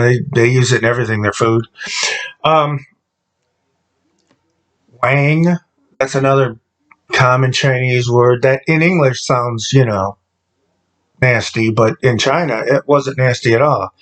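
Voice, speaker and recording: A man delivering a deadpan comedic monologue, halting and full of ums and restarts. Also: mid-range voice, poor audio.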